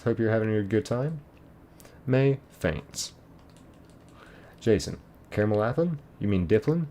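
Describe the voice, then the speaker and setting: A man's voice: lowish voice, moderate pace, mellow, slight background noise. A man streaming a game, casually reading chat messages aloud, laid-back and chuckling.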